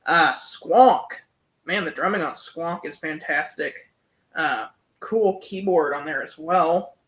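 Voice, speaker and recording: A man's voice: fairly high pitch, slow, fairly bright tone. A young man giving a casual, enthusiastic album review, full of fillers and humming along to the songs. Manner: enthusiastic, many fillers, hums and sings along. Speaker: music reviewer.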